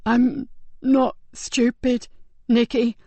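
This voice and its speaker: A woman voicing a dying, tortured man who speaks in a slow, halting, breathy near-whisper, short of breath. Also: a little high, little pitch movement, mellow, no echo, voice pushed up. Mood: weak pleading.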